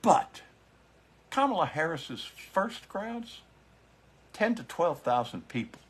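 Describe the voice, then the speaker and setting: Husky, fiery man ranting on a phone. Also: a little high, sing-song, takes it slowly, bright, forceful tone. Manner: fiery, profane, repeats catchphrases, talks to viewers. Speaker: biker vlogger. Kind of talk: profane live-streamed political rant.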